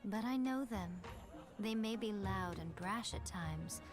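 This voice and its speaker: A woman voicing a calm, kindly adult woman who speaks in a soft, measured, reassuring way in a video game. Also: medium pitch, over music, lightly acted. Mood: solemn.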